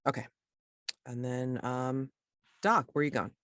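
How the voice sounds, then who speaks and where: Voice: mid-range voice, fairly even intonation, a little slow, a bit bright, dry recording, clean studio sound. A game master casually running a tabletop role-playing game, explaining rules with many fillers and restarts.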